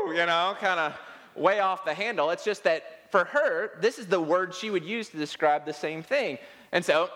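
A man's voice: high-pitched, sharp tone, long reverb tail. A man preaching a sermon in a conversational style, with light self-deprecating humor and quoted examples he acts out. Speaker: pastor. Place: church sanctuary.

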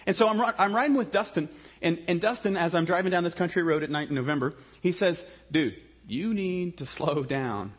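A man from Ohio preaching a sermon, mixing humorous storytelling with quiet, earnest passages. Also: sits high, fast, hardly any pauses, husky, lo-fi sound. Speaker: pastor.

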